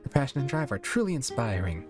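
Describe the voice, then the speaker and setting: Gracious mare hostess a man voices, coy, genteel, lively pitch, pony adventure story. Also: fast, over music, natural voice.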